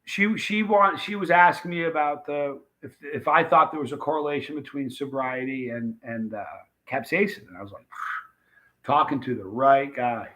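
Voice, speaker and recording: In a casual storytelling session with his live chat, a middle-aged American host rambles, voices the quotes and keeps starting over. His voice is a little high with a fairly bright tone, and he talks at a moderate pace.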